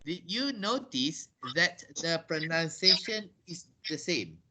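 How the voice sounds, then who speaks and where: A Malaysian man teaching English online. His voice sits high for a man and sounds very bright and sharp. He spells words out letter by letter and says his main points twice. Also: very animated, takes it slowly, poor audio.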